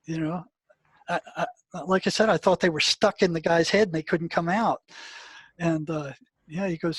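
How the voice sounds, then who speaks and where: A man from the US, a guest in an interview, telling a story in a halting way, repeating words and acting out what people said. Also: fairly high pitch, husky, no echo. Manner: halting, repeats words, acts out quoted dialogue.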